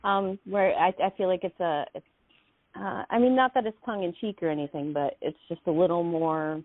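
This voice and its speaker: A woman's voice: on the low side, fairly quick, dry recording. A woman co-hosting a casual podcast, speaking hesitantly with fillers and light laughs. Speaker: podcast co-host. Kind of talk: casual chat. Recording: dry tinny phone-like line.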